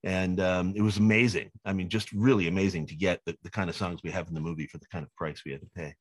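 A man, a film director being interviewed, telling lively anecdotes and acting out the people he quotes. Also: deep voice, fast talker, breathy edge, no room sound. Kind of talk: animated storytelling in an interview.

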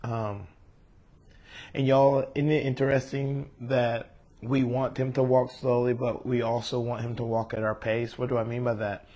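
A man's voice: medium pitch, little pitch movement, normal speed, warm tone. Guy preaching, earnest and a bit emotional, keeps asking y'all questions. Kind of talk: scripture reading and sermon.

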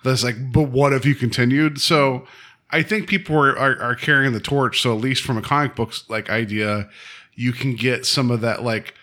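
Bright-voiced eager podcast co-host, male. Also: mid-range voice, normal speed. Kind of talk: casual chat.

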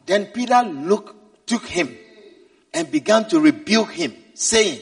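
High-voiced preacher shouting in an echoey hall. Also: male voice, slow pace, husky. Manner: animated preaching, swings from quiet to shouting. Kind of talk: sermon. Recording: echoey hall, mic at a distance.

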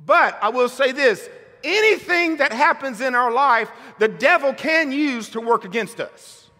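A man preaching a sermon at a church service, fiery and shouting rhetorical questions. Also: very high-pitched, expressive, unhurried. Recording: long hall reverb.

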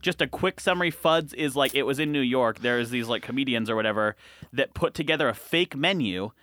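A man's voice: mid-range voice, brisk. A man co-hosting a comedy podcast in casual chat, laughing often as he reads things aloud. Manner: animated, laughs often while reading aloud. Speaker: podcast co-host.

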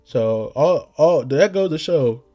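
A hoarse young man hosts a podcast, rambling in slangy, profane talk full of restarts. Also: a little high, expressive, takes it slowly, mellow, lo-fi sound, soft background music. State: getting hoarse. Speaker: podcast host. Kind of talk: rambling casual monologue.

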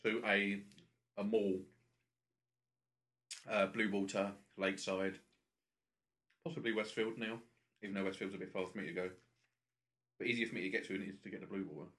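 A man's voice: fairly low pitch, fairly even intonation, fairly quick, pauses often, fairly bright tone. A man co-hosting a podcast, chatting casually with cheeky banter. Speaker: podcast co-host. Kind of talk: casual comedic chat.

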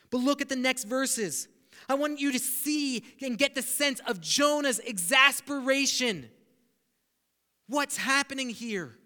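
Man, very high voice, bright, sermon, animated, questions the congregation, long hall reverb. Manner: animated, asks the audience questions. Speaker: preacher.

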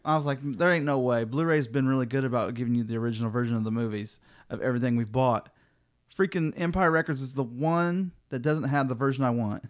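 A man's voice: mid-range voice, fast, dry recording, studio quality. Man co-hosting, chiming in casually. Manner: chiming in with short agreements and quips. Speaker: podcast co-host. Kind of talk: casual movie recap chat.

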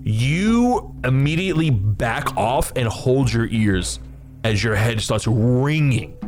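Man narrating as an animated dungeon master. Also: medium pitch, slow, soft background music. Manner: vivid, gleeful narration with sudden shouted outbursts. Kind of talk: narrating a tabletop game.

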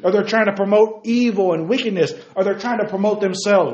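A man's voice: high-pitched, brisk, a little mellow, echoey room, muffled recording. A man preaching a sermon to young men, with repeated calls of "hey guys" and sudden emphatic peaks.

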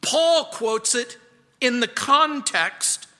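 A pastor preaches a verse-by-verse sermon in a high, piercingly bright voice. He is earnest, dropping soft and then pressing hard. The sound rings through a church with long reverb. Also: expressive, drawn-out words. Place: church sanctuary.

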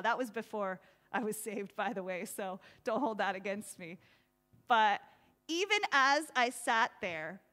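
A woman preaching a sermon in a lively, conversational way, laughing often and acting out voices. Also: mid-range voice.

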